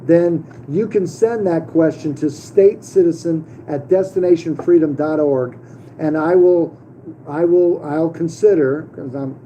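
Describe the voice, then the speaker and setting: Middle-aged guy rambling at the camera, lots of uhs, kinda high but super mellow dark voice. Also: a little slow, slight background noise, poor audio. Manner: rambling, with many fillers and restarts. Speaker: channel host. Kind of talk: casual vlog monologue.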